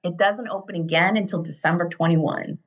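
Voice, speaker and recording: A middle-aged American woman, a guest on a podcast, tells stories animatedly in a casual chat, using many fillers and acting out the people she quotes. Her lowish voice is steady and fairly quick, and the audio sounds dull.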